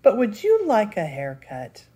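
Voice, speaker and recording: A woman's voice: mid-range voice, huge pitch swings, a little slow, mellow, slightly rough, exaggerated voice. A grandmother voicing a prim young prince in a picture-book story. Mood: horrified. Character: fussy young male prince with a ladder.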